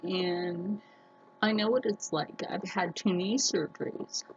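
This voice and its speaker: Slow talking lady vlogger, kinda gravelly, faint hiss behind her. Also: on the low side, steady tone, highs cut off. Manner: earnest, slow, storytelling with many restarts. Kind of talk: casual personal talk to camera.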